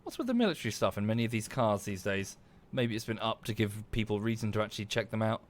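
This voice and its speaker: Here a man talks fast in a lowish voice with lively intonation while streaming a game. Originally from southern England with an Estuary English accent, he keeps it casual, thanking viewers by name and cursing under his breath at the game.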